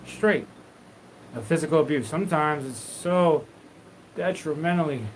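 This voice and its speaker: A man's voice: on the high side, a little slow, a little hiss or hum, low-quality recording. A man hosting a live stream, talking in a loose, rambling, profane stream of consciousness. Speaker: livestream host.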